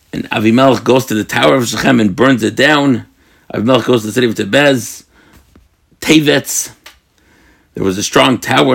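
A man with a gravelly, slightly husky voice leads a daily scripture lesson. He reads each verse, then stops to unpack it in everyday terms, restarting sentences as he thinks things through. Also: medium pitch, a bit bright. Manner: reads verses aloud, then explains them in plain terms; thinks aloud, with restarts and self-corrections. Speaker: Bible teacher. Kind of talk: daily Bible study lesson.

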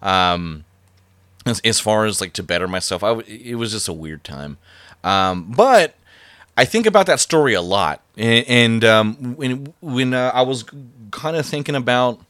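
A man telling a personal story in a casual, halting way, full of fillers and restarts. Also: mid-range voice, expressive, a bit bright, dry recording, studio quality.

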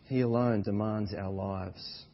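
A man preaching a sermon as pastor, swinging between loud, emphatic exhortation and quiet, low passages. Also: steady tone, unhurried. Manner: builds to loud, high-pitched emphatic preaching, then drops quiet. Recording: dull sound with long reverb in a large hall.

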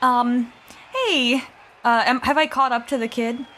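A woman's voice: on the high side, steady tone, unhurried, a bit bright. A woman playing a tabletop game, hesitant and full of fillers, swearing and laughing. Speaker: player.

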